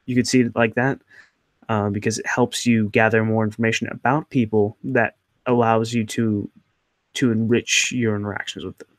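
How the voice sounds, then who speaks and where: A man's voice: lowish voice, flat delivery, moderate pace, no room sound, clean studio sound. A young man hosting his channel, answering viewer questions in a rambling, hesitant way with many fillers and restarts. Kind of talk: casual Q&A chat.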